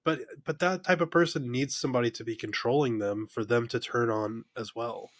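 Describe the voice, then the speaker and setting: A man's voice: medium pitch, brisk, no echo. A man co-hosting a podcast, arguing his point in casual chat with a contrarian manner. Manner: argumentative, contrarian. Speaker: podcast co-host.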